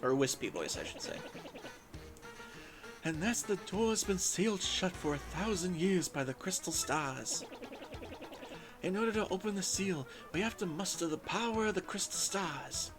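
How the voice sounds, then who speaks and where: Raspy, wispy old scholar, put on by a man, fussy and lively, game music under. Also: high voice, moderate pace. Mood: scholarly.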